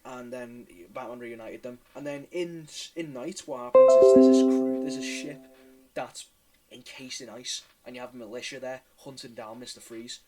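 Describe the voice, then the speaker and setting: A man's voice: mid-range voice, normal speed, warm tone, faint music behind, poor audio. A man hosting a casual podcast chat, rambling and swearing with many restarts. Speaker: podcast host.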